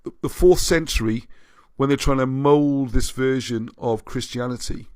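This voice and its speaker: With a mid-range, darkish voice at a moderate pace, a livestream host reads out what viewers have written. His speech rambles, often breaking off to restart, and the recording is dry.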